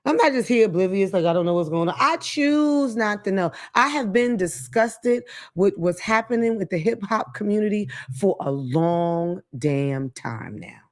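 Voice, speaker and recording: A woman's voice: mid-range voice, moderate pace, hardly any pauses. A woman hosting her own talk show, ranting casually with blunt, profane commentary. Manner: blunt, profane, animated rants. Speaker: podcast host.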